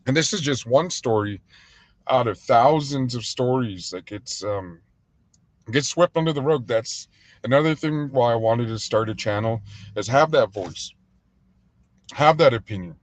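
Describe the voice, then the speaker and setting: A man's voice: medium pitch, expressive, a little slow, no room sound. Rambling man on a dry close mic. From United States. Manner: rambling, loose and heated, heavy with fillers. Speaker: livestream host and restaurant owner. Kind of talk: casual livestream talk.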